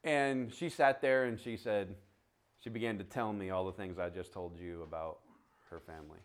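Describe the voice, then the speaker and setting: Brief: male pastor, deep low voice, animated sermon storyteller who acts out dialogue.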